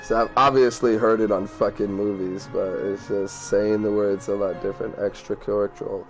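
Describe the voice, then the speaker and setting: A man's voice: on the low side, little pitch movement, normal speed, hardly any pauses, soft background music. A man casually commenting on a game he plays, reading its lines aloud, rambling, swearing and stumbling over hard words. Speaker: let's play gamer.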